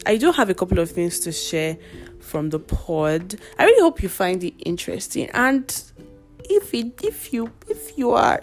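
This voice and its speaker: A woman's voice: lowish voice, big pitch swings, normal speed, soft background music. A woman hosting her own podcast in a casual, chatty solo talk. She speaks straight to her listeners in a playful way. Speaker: podcast host.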